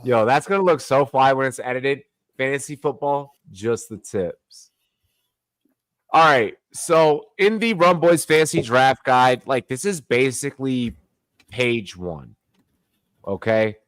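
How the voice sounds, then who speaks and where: A man hosting a casual sports talk stream, joking and animated. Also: measured pace, no room sound. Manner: animated, joking, swings pitch widely. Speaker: podcast host. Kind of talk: casual chat.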